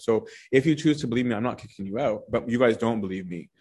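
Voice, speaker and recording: A man's voice: mid-range voice, fast talker, hardly any pauses, darkish tone, slightly rough. A man leading an informal Bible study, explaining scripture in a conversational way with frequent "right?" asides and restarts.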